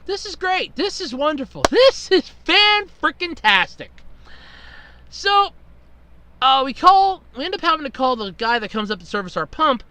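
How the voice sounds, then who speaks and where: A podcast host tells a long, exasperated story in a rambling way and swears freely. His voice sits high and swings widely in pitch. It sounds bright and dry, close to the mic. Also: smooth, dry recording. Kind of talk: casual storytelling monologue.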